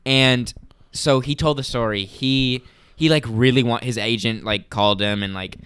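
A young man co-hosting a podcast, telling stories in an excited, rambling way full of "like". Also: mid-range voice, moderate pace, clear, resonant tone, no echo. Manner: excited, rambling storyteller with many "like"s. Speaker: podcast co-host. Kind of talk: casual chat.

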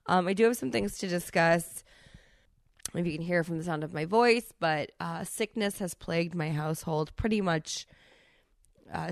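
A woman's voice: lowish voice, no echo, clean studio sound. A woman in her thirties hosting a solo podcast, talking candidly with a stuffy, congested voice and frequent restarts. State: congested from a cold. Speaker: podcast host.

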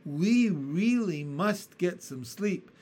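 A dignified old grasshopper, played by a man reading a storybook, speaking slowly and with scorn. The pitch sits a little high and moves a lot. It sounds like a bedtime story read aloud. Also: animated, darkish tone, full character voice. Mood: scornful. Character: old stern male giant grasshopper.

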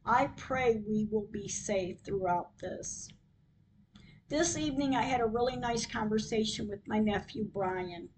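Woman, podcast host, slow measured diary reading, faint background hum. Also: fairly high pitch, darkish tone, poor audio. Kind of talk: reading a personal diary aloud.

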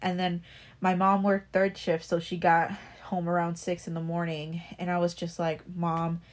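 A woman's voice: fairly low pitch, little pitch movement, normal speed. A young woman casually telling a personal story, rambling, swearing a lot and restarting her sentences. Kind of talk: casual chat.

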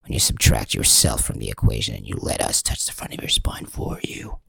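Brief: a man playing a coaxing corporate tempter, low and hushed, rough-edged. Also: fairly even intonation, a little fast, no room sound, whispered, studio quality, exaggerated voice. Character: sly scheming male tempter of advertisers.

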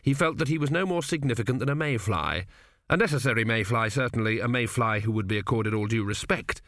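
This is scripted narration of a comic fantasy audiobook, read by a man at medium pitch in an even, measured storytelling style. The recording is dry and of studio quality.

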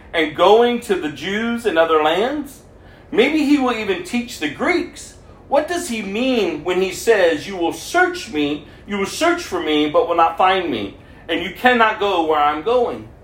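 A man's voice: high-pitched, a bit bright. A man preaching, reading scripture aloud and adding his own commentary, lifting his voice for the quoted speech. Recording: echoey room.

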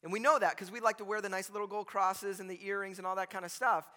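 A man preaching a sermon in a church sanctuary. His voice sits high and sounds bright and forceful. A long reverb rings around him from the big hall as he keeps checking in with the room. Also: level tone, fast. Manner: conversational and joking, constantly checks in with "right?". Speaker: pastor.

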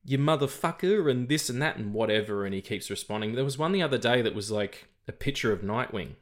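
A man's voice: fairly low pitch, fast, a bit bright. An Australian man co-hosting a podcast in casual chat, rambling and swearing, often repeating words as he stumbles. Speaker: podcast co-host.

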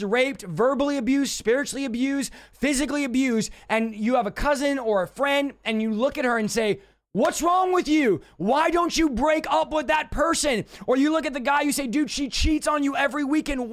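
A fervent male preacher delivering a livestream teaching, talking fast and calling out to his listeners. His voice sits very high for a man. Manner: fervent, rapid, exhorting with call-outs.

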